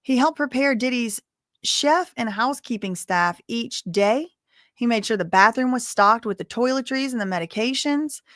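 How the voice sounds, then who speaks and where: A woman's voice: on the high side, animated, normal speed, fairly bright tone, no echo, clean studio sound. A woman hosting a live news commentary stream, reading updates and adding casual, rambling asides.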